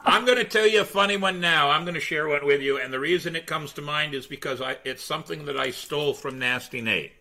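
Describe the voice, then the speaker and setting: A man with a bright, slightly high voice who tells a story with real verve. He acts out every line of dialogue as he chats casually on a podcast. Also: quick pace, vocal fry, few pauses. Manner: animated storyteller, acts out quotes. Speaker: pirate museum tour guide and entertainer.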